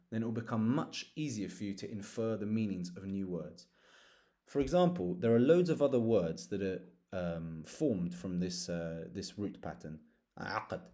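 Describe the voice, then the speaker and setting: In this Arabic grammar lesson, a man with a lowish, darkish voice patiently explains how roots work. He spells out the root letters and takes the verb conjugations form by form.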